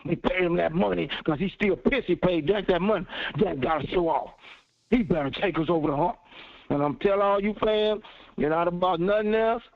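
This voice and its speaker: A man's voice: high-pitched, fairly quick, creaky, no echo. A man calling in to a sports talk show, insistent and fired up, repeating his points over and over. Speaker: caller. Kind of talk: heated call-in sports talk. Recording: dull lo-fi phone-in audio.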